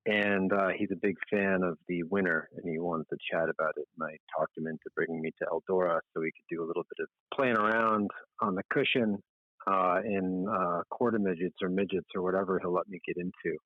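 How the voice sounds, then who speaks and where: Middle-aged male editor as a podcast guest, chatty and rambling, lowish voice, tinny phone-line sound. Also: fairly even intonation, a little fast, no room sound. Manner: chatty, rambling, self-deprecating. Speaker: magazine editor-in-chief, guest. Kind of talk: casual interview talk.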